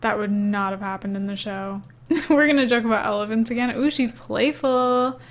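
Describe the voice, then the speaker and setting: A woman's voice: on the high side, normal speed. Giggly, chatty young woman gamer. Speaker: gaming YouTuber. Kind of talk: casual let's-play commentary.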